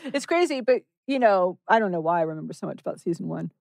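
A woman guest on a podcast, a former script supervisor, chatting in an animated, rambling way. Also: lowish voice, quick pace, gravelly, no room sound, studio quality. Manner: animated and rambling, restarts her sentences. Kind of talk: casual chat.

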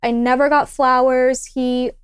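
A young woman with a high, clear, smooth voice tells a personal story on a podcast. She talks in a relaxed, chatty way and acts out other people's lines as she goes. The sound is close and dry. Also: unhurried, dry recording. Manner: animated, acts out quoted dialogue. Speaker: guest. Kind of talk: casual storytelling.

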